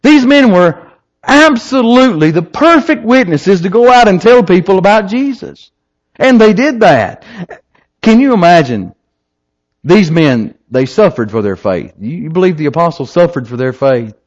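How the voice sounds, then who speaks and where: A man preaching an evening sermon, emphatic and lively, asking the listeners rhetorical questions. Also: high voice, normal speed. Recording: slightly dull lo-fi recording.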